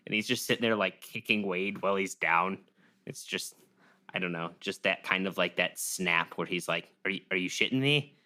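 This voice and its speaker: A man with a low voice that still has a bright, forward edge, chatting casually as a podcast co-host. He rambles a bit and gets animated when he recounts a scene. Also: normal speed. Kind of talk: casual chat.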